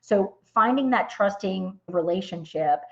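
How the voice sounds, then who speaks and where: A woman's voice: medium pitch, expressive, unhurried, gravelly, muffled recording. A middle-aged woman, a financial advisor, talking earnestly over a video call and telling stories from her clients. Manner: earnest, storytelling. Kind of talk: webinar conversation.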